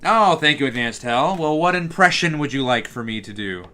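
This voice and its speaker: A man's voice: medium pitch, lively intonation, moderate pace, sharp tone. A man streaming live, chatting casually and reading comments, rambling with fillers and restarts.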